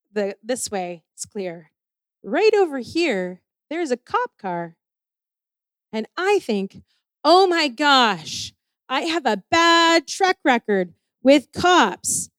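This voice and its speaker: A woman shares a personal testimony in a lively, self-deprecating way and acts out the people in her story. Her voice sits fairly high, and she takes her time. The sound is dry, with no room echo. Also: clear, resonant tone. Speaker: speaker sharing a personal testimony.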